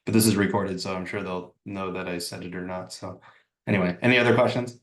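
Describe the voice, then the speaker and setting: A man's voice: low voice, steady tone, fast, echoey room. A man leading a real estate training session over a video call, talking casually and acting out sample phone messages. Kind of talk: live online training session.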